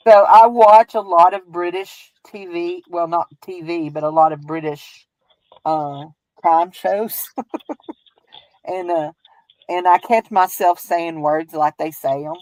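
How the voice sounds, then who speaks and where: A woman's voice: lowish voice, fairly even intonation, slow, darkish tone, no room sound, rough recording. A woman with a Southern US accent who hosts a crafting stream, chatting casually in a rambling, folksy way and laughing often. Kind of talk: casual chat while crafting.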